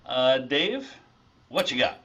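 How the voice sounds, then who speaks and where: A man's voice: mid-range voice, big pitch swings, slow, a bit bright, lo-fi sound. Laid-back man hosting an improv game. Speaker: improv show host. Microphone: video call.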